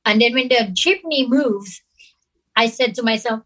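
Woman guest, a bit high-pitched, tells her story haltingly and earnestly. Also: fairly bright tone, low-quality recording. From Philippines. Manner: halting, earnest, with frequent pauses and restarts. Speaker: interview guest. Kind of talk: personal storytelling.

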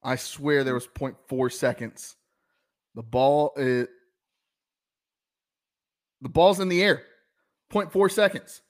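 Southern male podcast co-host, casual, rambling storyteller, mid-pitched. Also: slow pace, pauses often. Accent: Southern American. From American South. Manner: rambling, many restarts, animated storytelling. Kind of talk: casual sports chat.

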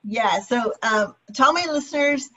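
A woman's voice: on the high side, unhurried, sharp tone. A woman hosting a podcast who chats casually and laughs easily while she interviews a guest. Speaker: podcast host. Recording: dull lo-fi sound.

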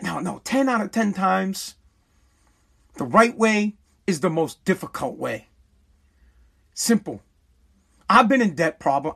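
A man with a strikingly high-pitched voice rants straight into the camera in a vlog. He swears freely, gets worked up and stumbles over repeated words as he talks as a small business owner. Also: a bit bright, breathy edge. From United States. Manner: profane, agitated, stammering repeats. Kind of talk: ranting vlog monologue.

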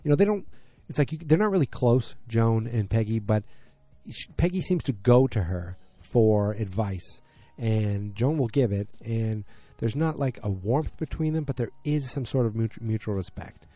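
A man's voice: medium pitch, lively intonation, normal speed, dark tone, no room sound. A man from middle America with a Midwestern accent, recapping a TV drama in a rambling, filler-heavy chat and acting out the characters' lines. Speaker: show recapper.

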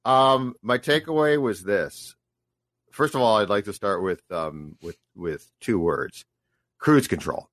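A man co-hosting a podcast, playful and quick to defend himself in banter. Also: fairly low pitch, fairly bright tone, dry recording, studio quality. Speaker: podcast co-host. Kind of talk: casual chat.

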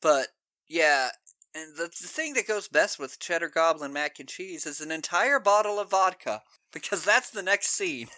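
A man's voice: a little high, moderate pace, dry recording. A man co-hosting a podcast, retelling movie scenes in a casual, laughing way. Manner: animated, laughing storyteller. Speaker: podcast co-host. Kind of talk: casual film discussion.

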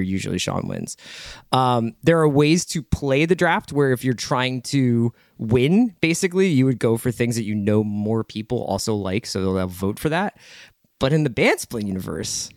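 A man on a podcast walks through an idea in a relaxed, explanatory manner. His voice sits at an ordinary middle pitch, and the recording is dry and close with no room sound. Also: moderate pace, no echo. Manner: explanatory, easygoing, trailing off softly. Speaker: podcast guest. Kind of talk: casual chat.

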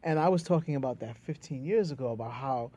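A middle-aged man with a New York accent, a comedian and playwright chatting as a guest in an animated, storytelling way. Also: mid-range voice, fast. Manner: animated storyteller, drops into quoted voices and laughs. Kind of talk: casual conversation.

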